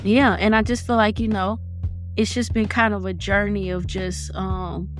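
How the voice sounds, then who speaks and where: A woman's voice: medium pitch, level tone, moderate pace. Easygoing Southern woman over guitar. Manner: easygoing, folksy. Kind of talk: casual reflection. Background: guitar music.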